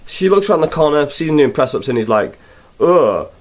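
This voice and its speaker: Animated man ranting casually. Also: fairly high pitch, fast. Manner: rambling, sarcastic, full of fillers. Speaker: film reviewer. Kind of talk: casual spoken review.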